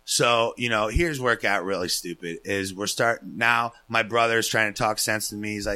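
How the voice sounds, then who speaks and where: A man's voice: lowish voice, moderate pace, hardly any pauses. A man casually telling a long story on a podcast, swearing freely and acting out what people said. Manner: profane, animated, acts out quotes. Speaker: guest storyteller.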